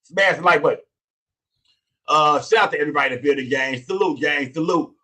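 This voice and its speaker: Guy w doing stream shout-outs, kinda high voice, sits back from the mic. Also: distant mic. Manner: loose, slangy, profane, reads chat names rapid-fire. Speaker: livestream host. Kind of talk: casual livestream commentary and chat shout-outs.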